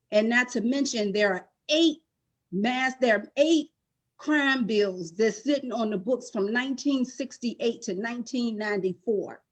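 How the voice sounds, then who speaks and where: A middle-aged woman, a guest on the show, giving emotional personal testimony in an impassioned, emphatic way. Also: a little high.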